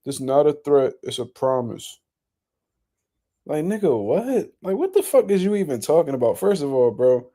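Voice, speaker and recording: A man's voice: on the high side, dark tone. A man hosting casual boxing reaction commentary, ranting in a blunt, profane, incredulous way.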